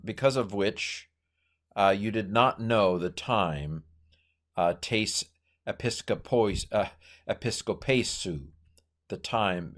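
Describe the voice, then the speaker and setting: A middle-aged man teaches Greek in a loose, unscripted way, pausing to search for forms and correcting himself often. His voice sits a little low, and he lightens the grammar with playful asides. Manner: thinks aloud, halting with many fillers and self-corrections. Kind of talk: informal Bible language lesson.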